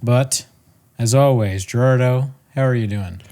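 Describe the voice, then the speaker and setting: A man's voice: medium pitch, a little slow, dark tone. Easygoing man hosting a podcast. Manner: easygoing, laughs often, rambling. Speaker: podcast host. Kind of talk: casual chat.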